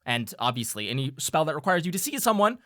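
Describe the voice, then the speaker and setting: A man's voice: fairly high pitch, sing-song, fast, a bit bright. A man narrating as game master in a casual, chatty way, laughing often.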